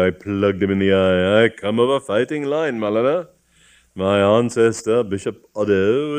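A man's voice: lowish voice, darkish tone, natural voice. A man voicing a pompous, haughty older bishop in a storybook reading. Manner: pompous, stately.

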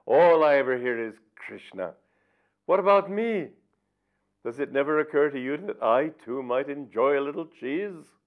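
A man's voice: medium pitch, expressive, moderate pace, voice pushed up, close to an everyday voice. A man playing a mock-angry old sage. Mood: mock anger. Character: old sage feigning grumpy anger. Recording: tinny lo-fi recording.

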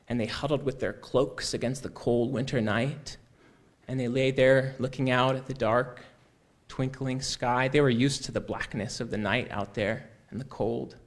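A man telling a story aloud in an unhurried, conversational way, often repeating "he said" and restarting phrases. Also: mid-range voice. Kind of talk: oral storytelling.

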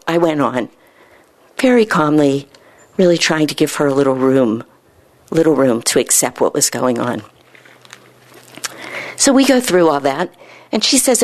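A woman internist telling a story from her practice, acting out the dialogue with lively quoting. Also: sits low, moderate pace, long pauses. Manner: animated, acts out quoted dialogue. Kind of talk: storytelling talk.

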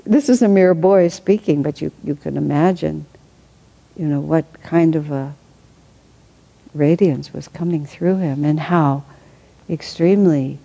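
Reading aloud from a spiritual book, a low-voiced woman pauses to offer reflective commentary of her own, thinking out loud and laughing softly. The recording is rough.

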